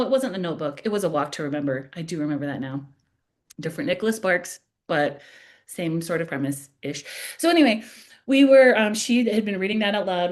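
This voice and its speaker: A young adult woman hosting a podcast, telling a personal story in a casual, animated way, laughing at herself often. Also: on the low side.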